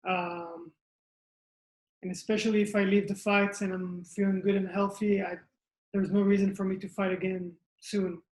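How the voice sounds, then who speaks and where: A man's voice: high voice, flat delivery, moderate pace. A man, a fighter answering interview questions in plainspoken short phrases. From Israel. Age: 20s. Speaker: mixed martial arts fighter. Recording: echoey room.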